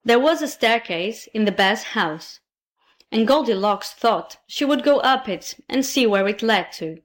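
A woman narrating a fairy tale with expressive, playful emphasis. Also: on the high side. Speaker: storyteller. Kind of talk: storybook narration.

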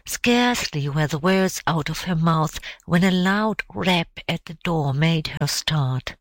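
A woman narrating an audiobook story in a measured, steady reading voice. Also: sits low, no echo. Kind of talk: scripted narration.

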